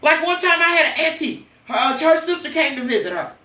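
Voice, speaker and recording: A woman's voice: high-pitched, big pitch swings, fast, sharp tone, reverberant, distant mic. An older woman hosting a podcast, telling blunt, preachy personal stories with cursing. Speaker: podcast host. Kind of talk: emotional personal monologue.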